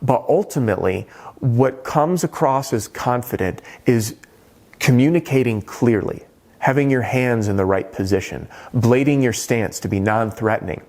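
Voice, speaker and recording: A man, a roofing sales trainer, giving a direct-to-camera sales training talk, animated and playing with pauses and tone. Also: mid-range voice.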